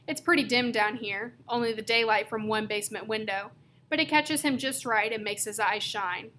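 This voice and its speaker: A woman reads a novel aloud in a lively storytelling manner, shifting her emphasis from line to line. Her voice is bright and sits somewhat high. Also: moderate pace, a little hiss or hum. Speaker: reader.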